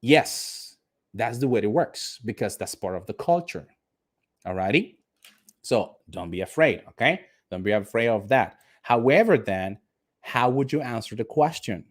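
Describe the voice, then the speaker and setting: A Nicaraguan man teaches an online English class for call center staff, speaking in a mid-range voice with lively intonation at normal speed. He is emphatic, repeats questions to the class, and acts out an angry customer.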